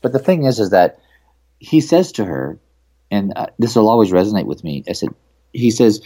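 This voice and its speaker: Deep mellow-voiced middle-aged man. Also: very animated, moderate pace, creaky, breathy edge. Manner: earnest and reflective. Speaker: author and guest. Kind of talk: podcast interview.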